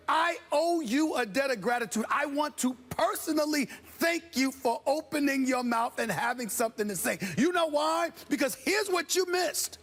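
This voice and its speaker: A man's voice: extremely high pitch, a bit bright. A man in his forties hosting a sports debate show, ranting with emphatic sarcasm. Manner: emphatic, sarcastic, sometimes mock-singing. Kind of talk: heated sports debate rant.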